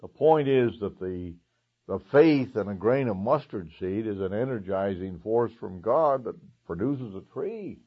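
A man with a lowish, husky voice delivers a conversational sermon at a slightly slow, expressive pace, chuckling now and then. He fills his speech with many "uh"s and restarts. The recording is dull and lo-fi.

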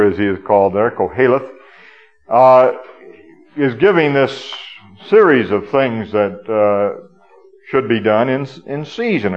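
A man delivers a sermon in an earnest teaching manner and often hesitates with fillers. His voice sits at a middle pitch for a man. The recording is dull and lo-fi. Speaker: preacher.

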